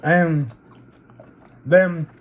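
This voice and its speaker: Animated young-sounding man telling a story. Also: a little high, extremely slow. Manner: animated, rambling, fillers of like and literally. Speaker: vlogger. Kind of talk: casual storytelling while eating. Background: eating on camera between sentences.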